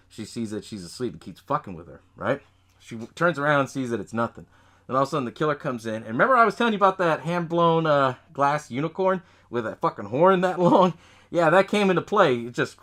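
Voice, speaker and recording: A man hosting a podcast, casually recapping a horror movie in a profane, animated way, laughing often and acting out the characters' lines. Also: mid-range voice. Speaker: podcast host.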